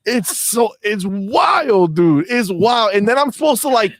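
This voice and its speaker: A man's voice: high-pitched, measured pace, dry recording, studio quality. A man co-hosting a casual gaming talk show, slangy and mocking, reading out viewer chat. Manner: animated, slangy, mocking, reads chat aloud. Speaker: podcast co-host.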